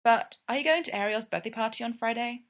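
A woman's voice: a little high, fast, natural voice. A woman voicing a dry, long-suffering bookworm. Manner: dry and patient. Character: bookish, long-suffering young female student.

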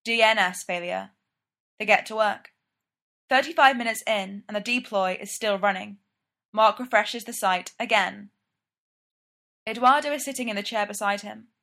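A woman narrating a story in a steady, even storytelling manner. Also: medium pitch, moderate pace, pauses often. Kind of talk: scripted narration.

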